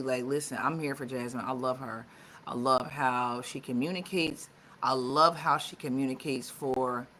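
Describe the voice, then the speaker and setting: A woman's voice: extremely low pitch, a bit bright, a little hiss or hum. A woman co-hosting a live talk show, chatting casually with lots of fillers and restarts. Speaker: co-host.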